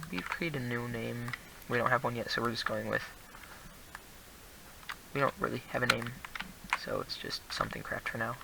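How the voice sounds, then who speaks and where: Heavy background noise surrounds a teenage gaming host as he chats casually about the building game he's playing. His medium-pitched voice is creaky; he rambles, jokes at his own expense with frequent laughs, and is prone to coughing.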